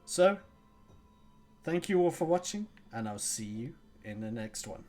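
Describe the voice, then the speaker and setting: Low-voiced woman doing lively game commentary. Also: a little slow, faint music behind. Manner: chatty and jokey, reacts aloud while playing. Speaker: let's play gamer. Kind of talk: casual gameplay commentary.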